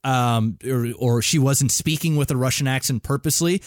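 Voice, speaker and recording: A man's voice: mid-range voice, no echo, studio quality. A man co-hosting a gaming podcast, talking casually and rambling with many fillers and restarts. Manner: rambling, halting, swears casually. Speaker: podcast co-host. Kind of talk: casual chat.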